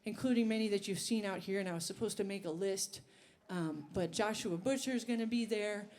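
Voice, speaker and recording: A woman's voice: medium pitch, a little fast, a little mellow. A woman singer and bandleader talking to the crowd between songs, chatty and rambling, on an outdoor festival stage.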